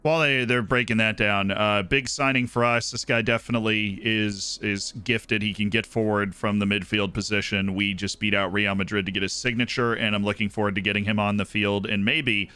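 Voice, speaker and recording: A man's voice: fairly low pitch, flat delivery, brisk, hardly any pauses, sharp tone, clean tone, dry recording. An American man hosting a stream, chatting casually as he plays a football manager game. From United States. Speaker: streamer host.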